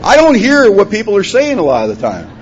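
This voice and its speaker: A man telling his recovery story at a conference, acting out the dialogue, his voice rising loud and dropping to a hush. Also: high voice, wildly swooping pitch, a little fast, a faint crowd. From Washington state, USA. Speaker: recovery meeting speaker. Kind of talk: personal testimony talk. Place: conference hall. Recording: dull lo-fi conference recording, faint hum.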